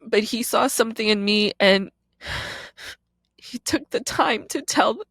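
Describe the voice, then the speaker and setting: A woman's voice: on the high side, a little slow, a bit bright, breathy edge, dry recording. A woman in her thirties, a podcast host and comedian, giving a raw confessional monologue in a blunt, profane way.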